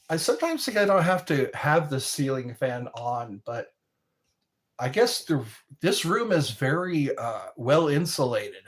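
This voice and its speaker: Male stream host, slightly high voice, unhurried rambling chat, quick to chuckle. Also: big pitch swings. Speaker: livestream host. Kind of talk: casual chat answering viewer comments.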